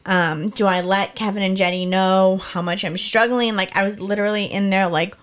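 A young adult woman candidly telling a personal story, talking fast and emotionally with many "like" fillers. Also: mid-range voice, fairly even intonation, smooth. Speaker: podcast guest sharing her story.

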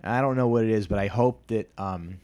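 Male podcast host, 30s, lowish voice; crude, self-deprecating solo monologue full of stops and restarts. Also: brisk, a little mellow.

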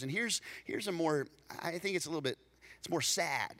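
A man preaching a storytelling sermon, animated, acting out dialogue and repeating words when excited. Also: fairly high pitch, a little fast. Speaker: pastor.

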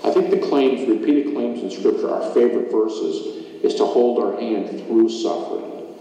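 A man's voice: mid-range voice, mellow, muffled recording. Man's reflective story in an echoey hall. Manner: halting, reflective retelling with restarts. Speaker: speaker recounting a personal loss. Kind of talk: earnest personal testimony. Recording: echoey hall picked up from far off.

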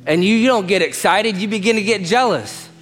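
A man preaching a sermon as pastor, animated and emphatic, repeating lines for stress and acting out the voices in his quotes. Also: high voice, fairly quick, big-room sound, faint music behind.

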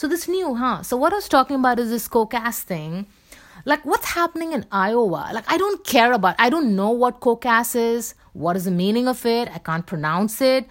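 A woman's voice: on the high side, animated, moderate pace. A woman vlogger talking casually in a rambling, playful way, full of fillers and restarts.

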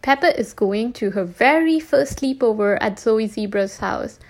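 Woman storyteller reading to kids, high voice, unhurried. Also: expressive. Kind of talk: children's story read aloud.

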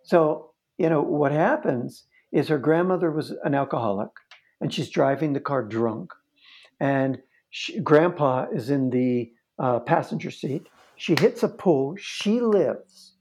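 A man's voice: a little high, a little mellow. A man who works as a therapist recounts a case in conversation, telling it earnestly and vividly and often restarting his sentences. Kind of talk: storytelling in conversation.

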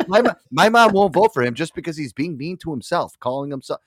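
A man's voice: a little high, animated, brisk, a bit bright. A man hosting a radio talk show, chatting casually, rambling and swearing with frequent laughs. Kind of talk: casual chat.

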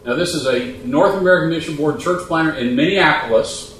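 A pastor telling an animated story, quoting others as he speaks. He sits far from the mic in a very echoey hall, with a faint hum of noise behind him. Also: on the high side, fairly quick. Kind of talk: storytelling in a church panel.

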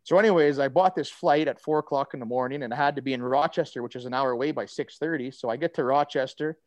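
A man's voice: mid-range voice, fast talker, no room sound. Guy, middle-aged, rambling story w lots of "you know" and "anyways", dry close mic. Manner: rambling, animated storyteller with many fillers and restarts. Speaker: former pro hockey player telling a story. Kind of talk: casual storytelling on a podcast.

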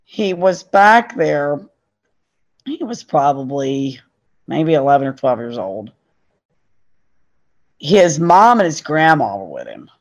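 A woman's voice: low voice, very animated, takes it slowly, pauses often. A middle-aged woman, a podcast guest and parent, telling a story in an earnest, emphatic way. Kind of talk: casual storytelling. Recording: dull lo-fi sound.

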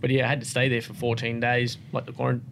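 Australian man, thirties, guest racer, casual storytelling, rambling with fillers, middle pitch, faint background hiss. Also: monotone, fast talker, gravelly, a bit bright. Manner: rambling, many fillers and restarts.

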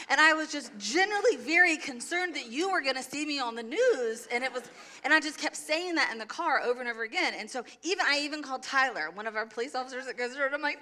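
A woman in her forties telling a story in an animated way, laughing and acting out her own shouts. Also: sits high, a little fast.

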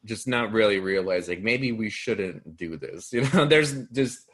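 A man's voice: on the low side, animated, measured pace, a bit bright, husky. A man in his twenties, a podcast guest chatting casually and joking with a laugh. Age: 20s. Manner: laid-back, laughing, joking. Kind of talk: casual chat.

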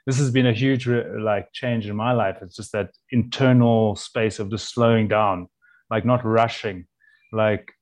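A man who works as a chef, talking as a guest on a relaxed podcast in a fairly low voice. He speaks earnestly and rambles, often breaking off and restarting his sentences as he thinks. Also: measured pace. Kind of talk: casual conversational interview.

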